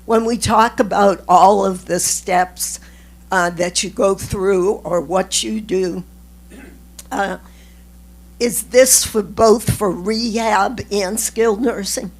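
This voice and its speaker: A woman losing her voice makes a measured, earnest statement at a community meeting. She talks slowly and deliberately. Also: mid-range voice, steady tone. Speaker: board member. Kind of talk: statement at a town hall meeting.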